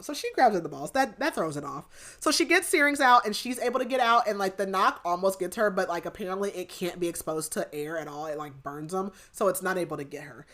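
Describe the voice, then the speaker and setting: Bright, chatty young woman recapping a book. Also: lowish voice. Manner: rambling, filler-heavy retelling with lots of "like". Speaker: podcast co-host. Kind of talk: casual book recap chat.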